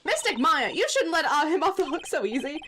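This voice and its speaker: A woman's voice: high-pitched, big pitch swings, fairly quick, sharp tone, a little hiss or hum, pitched above the performer's own voice, full character voice. A woman doing a squealing little girl. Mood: scolding. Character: excitable little girl spirit medium.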